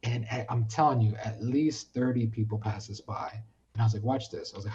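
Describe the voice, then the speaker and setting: A man from the United States, a podcast guest chatting casually, who tells animated stories and acts out what people said. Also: mid-range voice, a little fast, highs cut off. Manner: animated storyteller, acts out quoted speech. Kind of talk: casual chat.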